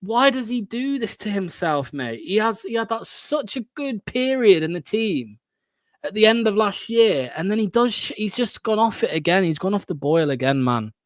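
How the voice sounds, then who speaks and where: Man, young, fan match commentary, sarcastic, blunt, swears, raised pitch. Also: big pitch swings, normal speed, dry recording, studio quality. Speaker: fan watchalong host. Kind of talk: live play-by-play fan commentary.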